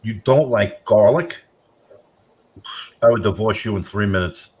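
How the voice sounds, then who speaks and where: Loud mocking man ranting. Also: fairly low pitch, unhurried. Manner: loud, mocking, swears often, voice jumps up when ranting. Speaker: streamer reacting to chat. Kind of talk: casual profane banter.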